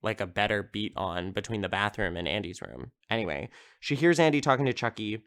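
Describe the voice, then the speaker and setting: On a casual podcast, a male host with a lowish, slightly bright voice retells a horror film in a chatty, animated way, moving fairly quickly. His talk is packed with "like" fillers and easy swearing, and the tone comes through clean.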